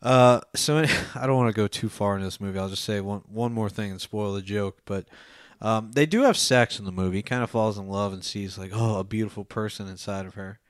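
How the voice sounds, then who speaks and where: A man's voice: on the low side, brisk, few pauses, no echo, clean studio sound. A young man co-hosting a podcast, rambling through a film review with lots of fillers and casual swearing. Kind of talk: casual profane chat.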